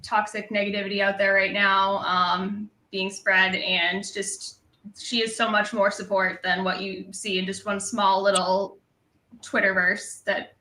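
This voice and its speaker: A woman's voice: mid-range voice, flat delivery, a little slow, pushed and bright, echoey room, rough recording. A woman as a livestream guest, talking earnestly in long hedged run-ons. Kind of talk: casual livestream chat. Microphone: online video call.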